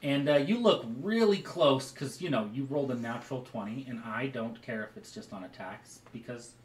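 Male game master, hesitant narration, echoey room, faint hiss. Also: mid-range voice. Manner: halting, full of fillers while describing.

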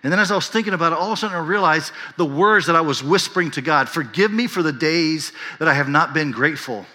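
A man's voice: fairly high pitch, quick pace, bright, forceful tone, in a large hall. A pastor in his fifties preaching a sermon, telling a story earnestly and building to impassioned emphasis. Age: 50s.

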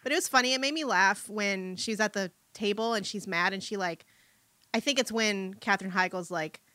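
A woman's voice: medium pitch, moderate pace, pushed and bright, no echo. A woman chatting casually about a movie, laughing often and trailing off mid-sentence.

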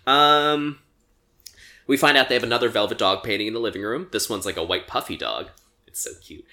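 A young man casually recapping a movie on a podcast, rambling with lots of fillers and quick acted-out quotes. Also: lowish voice, pushed and bright. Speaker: podcast co-host.

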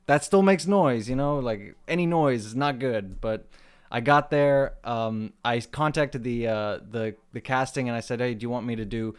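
A young man co-hosting a podcast, chatting casually and telling stories with quick asides. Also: mid-range voice, smooth. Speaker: podcast co-host.

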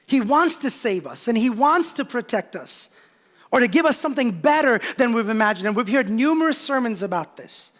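Young male pastor, very high voice, preaching and calling out to his congregation in church. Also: very animated, brisk, a bit bright. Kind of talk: sermon. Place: church sanctuary.

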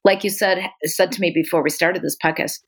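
A woman podcast host with a low-pitched voice. She speaks in a calm, affirming and reflective way, supporting her guest as she talks. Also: a little fast. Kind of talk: supportive interview talk.

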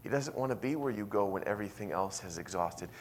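Animated male pastor preaching. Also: fairly low pitch, fast, a little hiss or hum. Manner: animated storytelling, swings from hushed to loud. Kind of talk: sermon. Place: church.

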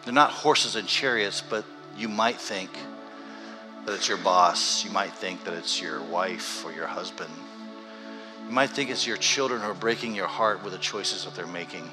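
A man preaching a sermon as pastor, swinging between loud emphasis and hushed, earnest stretches. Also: deep voice, moderate pace, over music.

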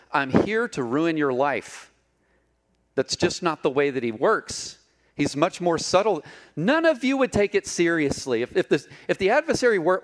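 A middle-aged man preaching a sermon as pastor, telling stories with humor and joking with the congregation. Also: on the high side. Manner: animated storytelling, jokes with the congregation.

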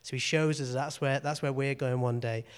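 A smooth, medium-pitched male voice moves at a moderate pace with a steady tone. The preacher's informal sermon in a church meeting room is earnest and full of repeated phrases and frequent "okay" check-ins.

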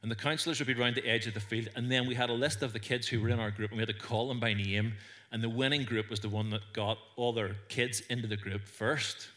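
A Northern Irish pastor delivers an earnest sermon to his church congregation, telling stories with small stumbles. His mid-range voice is fast and a bit bright, with fairly even intonation.

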